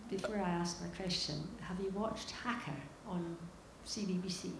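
A woman's voice: fairly low pitch, fairly even intonation, normal speed, reverberant, slight background noise. A woman in the audience asking a question, chatty and hesitant with many fillers. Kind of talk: question from the floor.

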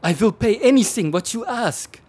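A man puts on a breathless husband on the phone in a storybook, pleading in strained, broken English. The voice is pushed well up in pitch and loud. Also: animated, normal speed, husky, heavily acted.

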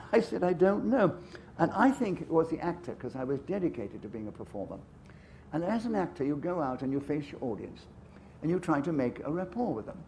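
A man's voice: on the high side, a little mellow, a little hiss or hum. An older man with an English upper-class accent, a guest author telling anecdotes on stage in a chatty, self-amused way with frequent asides. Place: festival stage.

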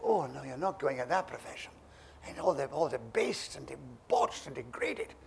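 A man's voice: mid-range voice, very animated, normal speed, vocal fry. An older man putting on the voice of a strict, horrified mother with a Scottish accent. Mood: scandalised. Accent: Scottish, put on. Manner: scolding, horrified.

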